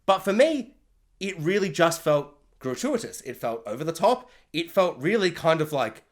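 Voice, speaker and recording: A show reviewer in a casual comic rant, animated and sarcastic with lots of fillers. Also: mid-range voice, moderate pace.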